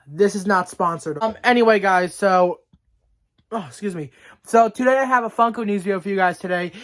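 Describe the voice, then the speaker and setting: A casual vlogger rambles through a news roundup while fighting the hiccups. The talk is loose and chatty, full of "um"s and restarts, at a middling pitch. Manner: rambling, many fillers and restarts. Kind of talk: casual vlog chat.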